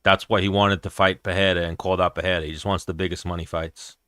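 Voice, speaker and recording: A man's voice: low voice, level tone, fast, fairly bright tone, smooth, no room sound, clean studio sound. A man hosting a podcast, chatting casually as he watches fights and laying out his opinions step by step. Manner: opinionated, talks through his reasoning. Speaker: podcast host.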